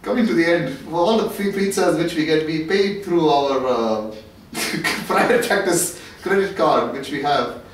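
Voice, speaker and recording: A fairly high-pitched man speaks at a measured pace during a casual comic monologue. He gives a joking tour of an office suite and tells a long comic story, chuckling at his own punchlines, with the camera at a distance in a very echoey indoor room.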